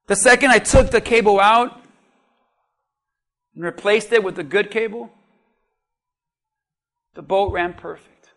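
High-voiced man preaching. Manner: animated storytelling with audience questions. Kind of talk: sermon with personal story.

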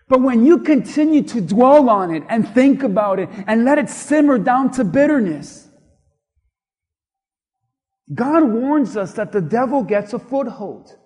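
A male pastor preaching a sermon, impassioned and emphatic, dropping to hushed tones at times, in a large church hall. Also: extremely high pitch, animated, a little slow. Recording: long reverb of a large hall.

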